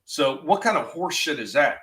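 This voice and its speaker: A man's voice: fairly high pitch, animated, normal speed, roomy sound, over a noisy crowd, poor audio. A man hosting a live stream, ranting with strong opinions and reading out chat comments. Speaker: stream host.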